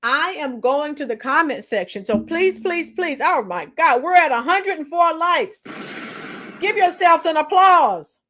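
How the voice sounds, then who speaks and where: A woman's voice: high voice, expressive, measured pace, a bit bright. A woman in her fifties hosting a casual livestream, chatting with viewers and now and then breaking into song. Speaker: livestream host and schoolteacher. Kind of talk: casual livestream chat reading the chat.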